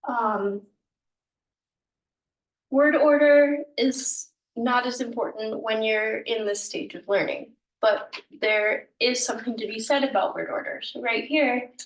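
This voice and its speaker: A fairly high-voiced woman explains a language lesson slowly and patiently, stopping often to correct herself. Her voice sounds roomy and a little far from the mic. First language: English. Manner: slow, patient explaining with frequent ums and self-corrections. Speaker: language teacher. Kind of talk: informal recorded language lesson.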